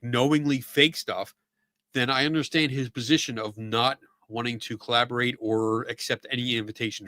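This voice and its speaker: Bright, chatty man with a Philly accent. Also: mid-range voice, dry recording, studio quality. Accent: Philadelphia. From Philadelphia area. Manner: loose, chatty, with frequent fillers and restarts. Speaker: podcast host. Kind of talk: casual livestream chat.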